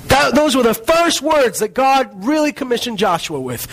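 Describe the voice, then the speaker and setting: A male preacher giving a sermon, reading scripture aloud and stressing key words with slow, dramatic pauses. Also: very high-pitched, animated, poor audio.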